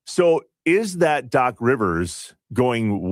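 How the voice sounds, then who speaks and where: A man co-hosting a sports radio show in casual talk, measured and questioning as he argues his point. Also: lowish voice, very animated, no room sound, clean studio sound.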